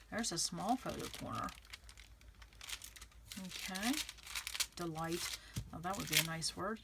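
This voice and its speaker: A woman's voice: on the low side, background noise. A woman vlogging a scrapbooking tutorial, chatting casually and thinking aloud as she works, often checking in with the viewer. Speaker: craft vlogger. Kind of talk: casual crafting tutorial, talking while working.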